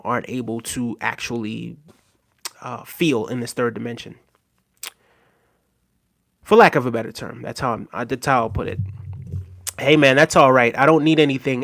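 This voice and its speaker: A livestream host with a mid-range, slightly bright voice runs a casual stream, reading viewer comments aloud. He talks to his audience earnestly and reassuringly, using plenty of fillers.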